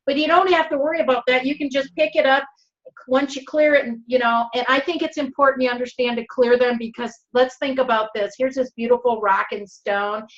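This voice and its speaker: Chatty high-voiced woman hosting. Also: steady tone, brisk. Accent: Minnesotan. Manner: chatty, upbeat, rambling. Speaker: host. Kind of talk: casual live-stream chat. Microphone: video call. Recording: dull video-call audio.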